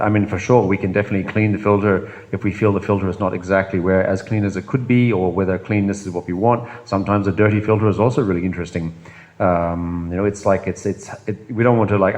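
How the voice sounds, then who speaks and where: A man with a lowish voice thinks aloud in a discussion circle. He keeps stopping and restarting his sentences, padding them with fillers. Now and then he laughs at his own words. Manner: halting, many restarts and fillers, laughs at himself. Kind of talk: reflective group discussion.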